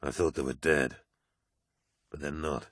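A man voicing a grim, wary armoured warrior officer in a low, steady tone, in an audiobook reading. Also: unhurried, dry recording, studio quality, exaggerated voice. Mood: uneasy.

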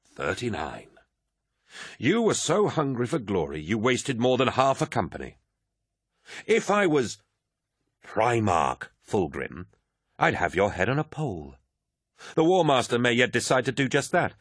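A man's voice: medium pitch, wildly swooping pitch, measured pace, pauses often, slightly rough, no room sound, clean studio sound, voice pushed up, full character voice. A man voicing an insolent, mocking warrior captain who barks orders. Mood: scornful.

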